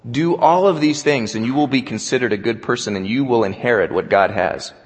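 A man preaching a sermon, telling stories with animation and dropping to a quiet voice for scripture. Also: medium pitch, fairly quick. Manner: storytelling, animated, drops to quiet for quoted scripture. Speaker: pastor. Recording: long hall reverb.

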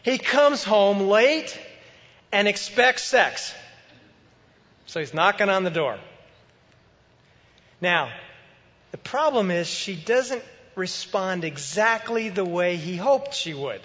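A man preaching a sermon as pastor, in a conversational, animated way. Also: sits high, takes it slowly, pauses often, big-room sound, lo-fi sound.

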